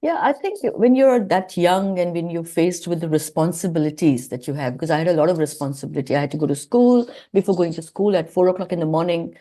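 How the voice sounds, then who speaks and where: A middle-aged woman with a low, mellow voice tells a story from her youth as a podcast guest. She slips into the voices of the people she quotes and keeps the telling vivid. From India. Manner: vivid storyteller acting out dialogue. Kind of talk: storytelling interview.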